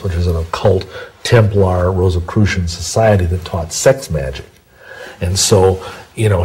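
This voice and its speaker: A man with a very low, husky voice and a mellow, dark tone, answering questions in a long interview. He talks in a rambling, digressive way. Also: rough recording. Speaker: interview guest. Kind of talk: long-form interview, storytelling.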